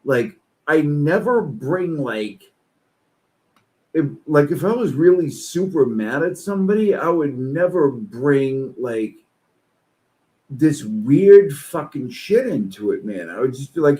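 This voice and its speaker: A man's voice: medium pitch, darkish tone. A man reading posts aloud and commenting on them in a profane, exasperated rant.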